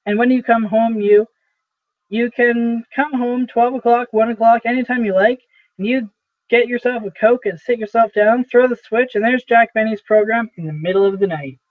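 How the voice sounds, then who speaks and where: A brisk young boss, offhand and dismissive, voiced fairly high by a man reading the play aloud. He chats in a quick, casual way. The audio is thin and phone-like. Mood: enthusiastic. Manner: chatty, offhand.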